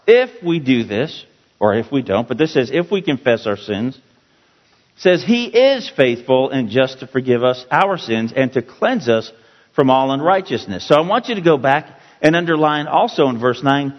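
A man teaching a Bible passage as a pastor, slow and emphatic, repeating key words for his listeners. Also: medium pitch, very animated. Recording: dull, roomy hall sound.

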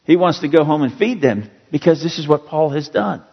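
A man's voice: fairly high pitch, animated, a little fast, creaky, breathy edge, long reverb tail, lo-fi sound. A male pastor preaching a sermon in a church, earnest and storytelling, leaning hard on key words. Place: church sanctuary.

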